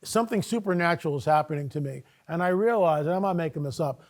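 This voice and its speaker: A man guest on a talk show, telling a personal story in a casual, animated way and acting out his own dialogue. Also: fairly high pitch, quick pace. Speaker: guest speaker.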